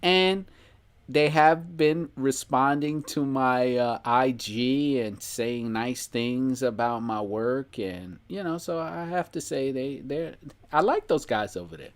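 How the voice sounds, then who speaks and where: A man hosting a podcast in relaxed casual chat, rambling and laughing often. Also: mid-range voice, takes it slowly. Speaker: podcast host.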